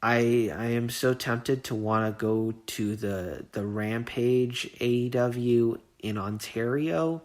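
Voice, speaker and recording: Growing emotional, a Southern Californian man speaks earnestly on the podcast he hosts, frequently restarting and repeating himself. He talks slowly with few pauses, in a medium, slightly mellow voice.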